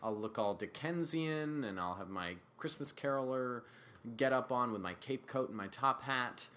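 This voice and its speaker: A man's voice: medium pitch, normal speed, a bit bright. A young man co-hosting a podcast, teasing and sarcastic in casual banter. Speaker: podcast co-host.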